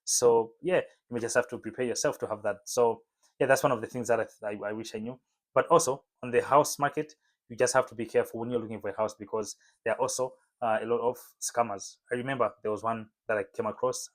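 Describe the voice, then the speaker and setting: A man talking casually to camera in a home vlog, relaxed and chatty with lots of fillers. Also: mid-range voice, fast talker. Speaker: vlogger. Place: home room lit by a window.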